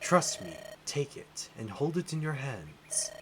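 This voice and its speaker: A man's voice: mid-range voice, sing-song, slow, background noise. Grave old sage, read by a man. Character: wise old male sage, calm and grave. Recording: game music playing underneath.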